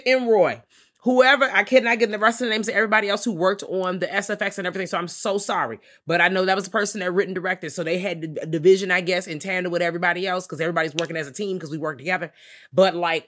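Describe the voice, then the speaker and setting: Woman, podcast co-host, casual movie talk, profane, animated, lowish voice. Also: quick pace. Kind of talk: casual movie review chat.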